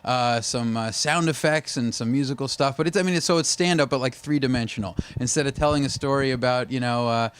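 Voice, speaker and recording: A man's voice: mid-range voice, a little fast, hardly any pauses, slight background noise. A man appearing as a comedian guest, joking loosely through a casual interview.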